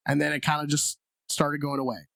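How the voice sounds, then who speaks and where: A man co-hosting a comedy podcast, talking in a slightly high voice. He rambles, swears freely and laughs at his own jokes. The sound is dry and close to the mic. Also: little pitch movement, a little fast, gravelly, fairly bright tone, dry recording. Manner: rambling, profane, laughs often. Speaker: podcast co-host. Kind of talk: casual comedic podcast chat.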